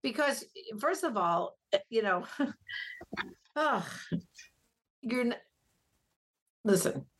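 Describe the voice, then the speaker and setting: A woman's voice: fairly high pitch, expressive, very slow, pauses often, slightly rough. A middle-aged woman, a guest on a radio talk show, speaking emphatically and telling stories with animation. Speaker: guest, pro-life ministry director.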